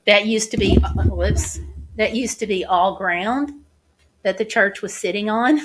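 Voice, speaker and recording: An American woman vlogger walks through photos of flood damage in a casual, chatty way. Her medium-pitched speech is halting, full of restarts and fillers.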